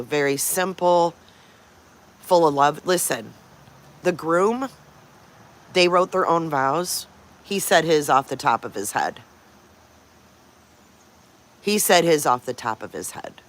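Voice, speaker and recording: A livestream host in easy morning chat, with a voice of middling pitch. The talk rambles from story to story and stops often to greet viewers by name. Every now and then the host breaks off to coo at pet dogs. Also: lively intonation, slow, pauses often, a bit bright. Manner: chatty, greets viewers by name between stories.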